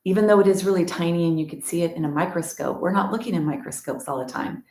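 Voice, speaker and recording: A woman's voice: on the low side, fast talker, a little mellow. Chatty middle-aged woman yoga teacher. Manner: chatty, rambling, greets students by name. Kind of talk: casual chat before an online class. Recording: roomy echo.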